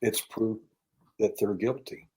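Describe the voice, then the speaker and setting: An American man guesting on a podcast, telling long stories with lively acted-out dialogue. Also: on the low side, slow pace. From United States. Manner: animated storyteller acting out quoted dialogue. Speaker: podcast guest, alien abduction researcher. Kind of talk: storytelling in casual interview.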